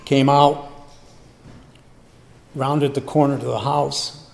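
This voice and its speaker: An older man telling a personal testimony in an unhurried way, acting out remembered conversations. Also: medium pitch, flat delivery, gravelly, darkish tone. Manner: unhurried, acts out remembered dialogue. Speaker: storyteller. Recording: long hall reverb, faint ambience.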